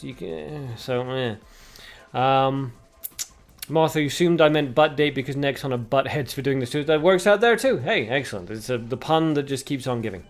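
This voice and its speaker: A young man hosting a casual gaming livestream at home on a desk mic. He chats with viewers, reads their comments aloud and laughs at his own puns. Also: mid-range voice. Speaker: livestream host.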